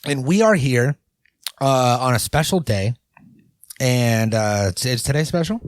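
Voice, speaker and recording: A man's voice: mid-range voice, animated, unhurried, no echo. A man co-hosting a podcast in casual chat, rambling and joking with lots of fillers. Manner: rambling, jokey, full of fillers. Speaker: podcast co-host.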